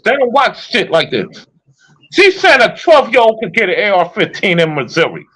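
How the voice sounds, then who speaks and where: A high, husky man ranting in casual commentary. His pitch leaps all over as he fires off profane, incredulous remarks. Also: sing-song, measured pace, long pauses, bright, forceful tone. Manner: heated, incredulous, swears a lot.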